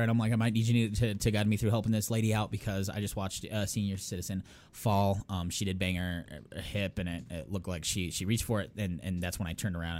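A young man, a podcast co-host, telling a story in casual chat, animated and laughing as he acts out what people said. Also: lowish voice.

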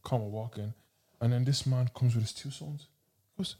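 A man's voice: mid-range voice, normal speed, dark tone, breathy edge. Young Irish man telling a story. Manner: anecdotal, filler-heavy, hesitant restarts. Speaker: podcast co-host. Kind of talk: casual storytelling.

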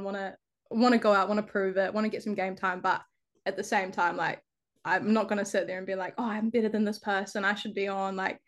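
A young woman with a New Zealand accent, a football player talking casually as a guest, laughing often and filling her talk with "like". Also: medium pitch. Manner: laughs often, heavy use of "like". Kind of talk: casual interview chat.

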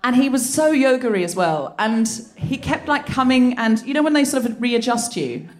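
A woman's voice: fairly high pitch, sing-song, normal speed. A woman hosting a live comedy podcast on a theatre stage, telling stories in a playful, giggly way. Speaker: podcast host. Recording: live theatre recording with crowd noise.

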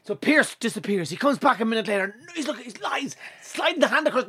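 A man with a West of Ireland accent, a stand-up comedian telling a casual, profane anecdote, swinging from low mutters to high excited bursts. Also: fast, breathy edge, no echo, clean studio sound. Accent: Irish, West of Ireland.

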